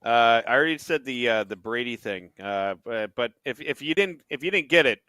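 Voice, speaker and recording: A man's voice: medium pitch, expressive, normal speed, bright, forceful tone, smooth, dry recording, studio quality. A man hosting a casual hockey podcast, rambling and laughing as he talks. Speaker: podcast host. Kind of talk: casual sports chat.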